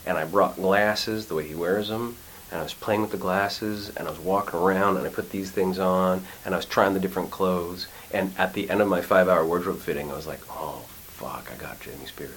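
Deep, low middle-aged actor, animated interview storyteller; faint hiss. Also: male voice, a little fast, rough recording. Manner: animated, acts out quotes, lots of restarts. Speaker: actor and acting teacher. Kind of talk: casual interview conversation. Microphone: studio mic.

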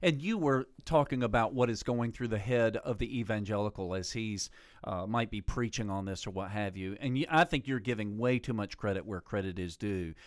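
A man's voice: on the low side, normal speed, dry recording, clean studio sound. A man, a pastor, talking theology in conversation and reading scripture aloud. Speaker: pastor, co-host. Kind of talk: theological discussion.

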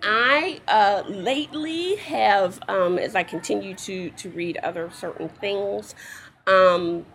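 Gravelly-voiced woman, giggly interview guest. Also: medium pitch, fairly bright tone, slight background noise. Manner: halting, giggly, with many fillers. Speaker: guest author. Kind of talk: casual interview.

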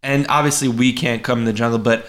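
Male host of an improv comedy podcast, giggly and halting, mid-range voice. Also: mid-range voice, steady tone, a bit bright. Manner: laughing, stammering interviewer.

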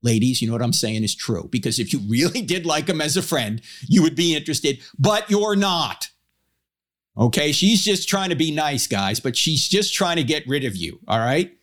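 A man with a fairly high voice delivers a lively public talk on theology. He swings his pace and pitch for emphasis and mixes in humorous storytelling. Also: moderate pace. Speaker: Christian apologist speaker.

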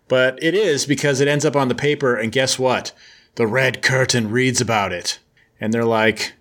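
A man's voice: mid-range voice, fairly even intonation, moderate pace, a bit bright. A man casually retelling a comic book plot as a host, in a mid-range voice. His delivery is joking and sarcastic, with loose conversational storytelling.

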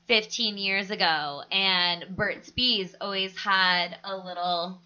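A woman co-hosting a comedic podcast with a bright, forceful tone, drifting through long anecdotes with endless "like"s. The sound is dull and lo-fi. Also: mid-range voice, steady tone, slow pace, clean tone. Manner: rambling storyteller, lots of "like". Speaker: podcast co-host. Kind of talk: casual comedic chat.

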